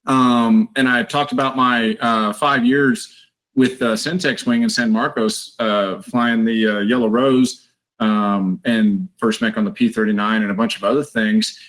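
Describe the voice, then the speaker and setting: A man's voice: lowish voice, fairly even intonation, a little slow, fairly bright tone, rough recording. A man being interviewed, telling a story in a chatty, anecdotal way. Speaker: guest, retired Marine.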